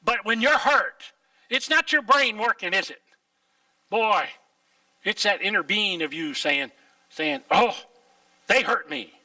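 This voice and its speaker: A man's voice: high voice, expressive, unhurried, pauses often, bright, forceful tone, dry recording, recorded from a distance, low-quality recording. An older male pastor, preaching a folksy sermon in church and throwing out rhetorical questions. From Oklahoma, USA. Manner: folksy, plain-spoken, full of rhetorical questions. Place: church sanctuary.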